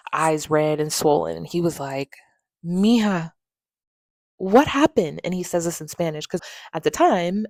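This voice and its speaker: A woman's voice: on the low side, darkish tone, no room sound. A young woman hosting a podcast, frankly and emotionally retelling a hard personal story with plenty of swearing. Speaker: podcast host.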